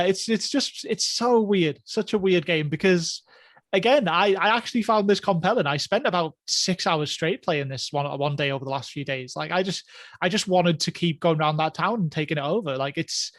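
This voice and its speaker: A man's voice: high-pitched, dry recording, clean studio sound. A man co-hosting a casual podcast chat, rambling and hedging with lots of fillers and chuckles. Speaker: podcast co-host.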